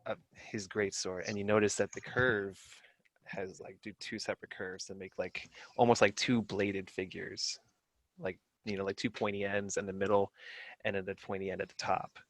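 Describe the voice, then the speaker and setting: Guy running a tabletop game, low dry voice, lots of ums and likes. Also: level tone, moderate pace, fairly bright tone, no room sound. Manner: rambling, lots of fillers. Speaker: game master.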